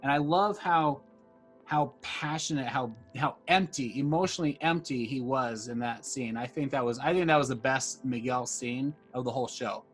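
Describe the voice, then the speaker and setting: A man's voice: medium pitch, moderate pace, slightly rough, soft background music. A man co-hosting a casual discussion of a TV series, retelling scenes with energy and acting out the characters' lines. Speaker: podcast co-host.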